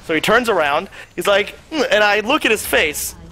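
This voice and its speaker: A man's voice: high-pitched, lively intonation, moderate pace, sharp tone. A young man streamer telling a rambling, profane story in casual chat, full of fillers.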